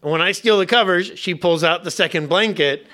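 A man preaching a sermon as a pastor and hospice chaplain, conversational and humorous, going soft and quiet on serious points. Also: high voice, a little fast.

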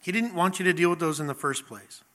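A man's voice: a little high, expressive, quick pace, bright, forceful tone. A middle-aged man preaching a sermon in a conversational way, asking the congregation questions and acting out little scenes. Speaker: pastor.

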